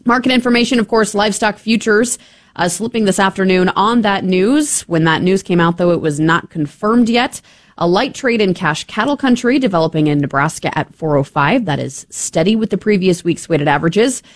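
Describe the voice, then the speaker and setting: A woman anchoring a radio farm market report, briskly reading livestock prices and figures. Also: mid-range voice. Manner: brisk, reads numbers in rapid lists.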